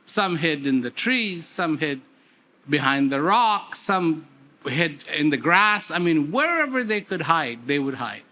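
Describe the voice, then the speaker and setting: A man giving a talk, telling a parable slowly with emphatic repetitions. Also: a little high, very animated, pushed and bright. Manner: slow, repetitive, emphatic storytelling. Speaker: speaker. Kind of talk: storytelling talk.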